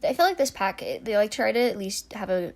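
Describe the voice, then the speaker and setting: A woman's voice: medium pitch, very animated, a little fast. Chatty young woman, rambling voice-over. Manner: chatty, rambling, many likes and restarts, trailing soft asides. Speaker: game build YouTuber. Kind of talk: casual voice-over commentary.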